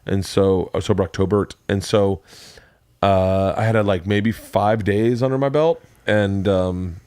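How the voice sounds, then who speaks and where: A man hosting a podcast, telling stories in an animated way and laughing often. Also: lowish voice, unhurried, clean tone, dry recording, studio quality. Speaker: podcast host. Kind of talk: casual podcast chat.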